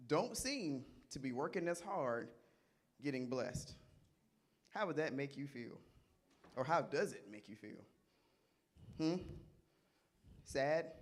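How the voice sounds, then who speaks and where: A middle-aged man delivers an interactive sermon in a fairly high voice. He keeps it conversational and playful, quizzing the listeners and echoing their replies back to them. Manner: conversational, asks the audience questions and repeats their answers; animated and playful, laughs often. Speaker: Bible study teacher.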